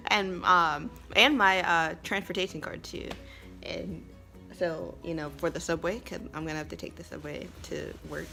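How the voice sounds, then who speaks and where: A woman's voice: lowish voice, fairly even intonation, unhurried, creaky, pauses often, bright, forceful tone, soft background music. A young American woman telling a story in a casual vlog, chatty and emphatic, laughing often. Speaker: vlogger and English teacher abroad.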